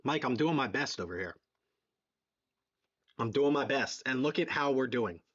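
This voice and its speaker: Philly-male stream host, excitable, repeats lines, slightly muffled audio. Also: mid-range voice, moderate pace. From southeastern Pennsylvania. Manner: excitable, repeats himself, reads donations aloud. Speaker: livestream fundraiser host. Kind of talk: live stream chat.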